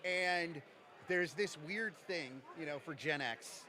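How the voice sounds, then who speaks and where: A man from Jersey City, a game designer, joking quickly through a casual convention interview. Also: fairly high pitch, bright, forceful tone. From Jersey City, USA. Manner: jokey, quick, self-mocking. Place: convention lounge.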